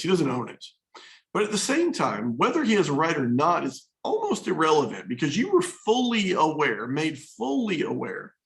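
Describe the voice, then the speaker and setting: Gravelly-voiced male history teacher. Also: medium pitch, low-quality recording. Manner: casual, storytelling, conversational. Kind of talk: classroom lecture.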